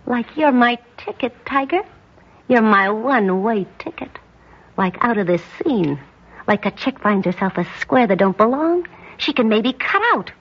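Slangy beatnik chick in an old radio play, low and sneaky, muffled dull sound. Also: female voice, lively intonation, a little slow, husky, full character voice. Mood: scheming. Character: hip beatnik young woman, cagey and scheming. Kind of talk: 1950s radio drama.

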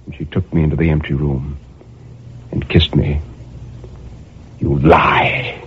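A man narrating a dark first-person story in an intense, anguished, dramatic reading over a radio broadcast. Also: a bass voice, little pitch movement, moderate pace, highs cut off, a little hiss or hum.

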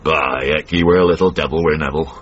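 An actor with a Northern English accent playing a cantankerous, grumbling old uncle in a radio drama. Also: male voice, a bass voice, steady tone, quick pace, a bit bright. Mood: reminiscing. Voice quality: husky, grumbling. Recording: muffled radio broadcast.

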